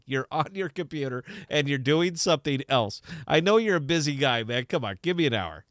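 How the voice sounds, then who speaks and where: A man's voice: mid-range voice, animated, normal speed, fairly bright tone, dry recording, clean studio sound. A man hosting a podcast in casual, unscripted chat, brash and profane, teasing his co-host.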